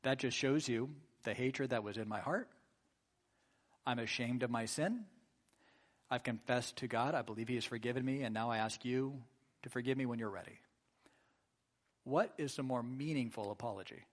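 A man's voice: mid-range voice, normal speed, long pauses. A man preaching a sermon in a conversational way, often checking in with "right?" and acting out sample apologies. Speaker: pastor.

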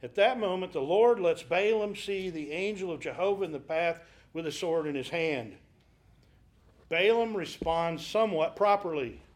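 A man teaching a Bible study class. He retells scripture in a conversational, storytelling way, asks rhetorical questions, and gives the quoted dialogue lively voices. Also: fairly high pitch, normal speed.

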